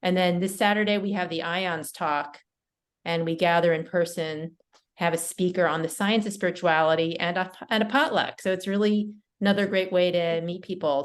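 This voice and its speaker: Slightly low-voiced woman organizer. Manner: helpful, informative, with light fillers. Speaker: group organizer. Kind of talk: casual group announcements.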